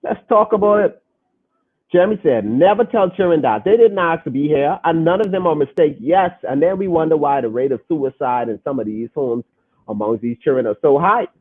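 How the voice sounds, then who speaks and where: A man's voice: a little high, expressive, brisk, slightly rough. A young adult man hosting a casual podcast stream, talking earnestly and repeating phrases for emphasis. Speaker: podcast host reading viewer comments. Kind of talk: casual live-stream talk. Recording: phone-like lo-fi audio.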